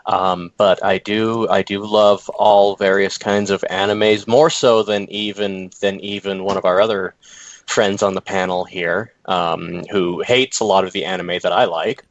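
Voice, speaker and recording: A man's voice: low-pitched, fairly even intonation, measured pace. A man on a podcast panel chatting casually, often restarting his sentences. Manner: stammering restarts. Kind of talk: casual chat. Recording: dull lo-fi mic.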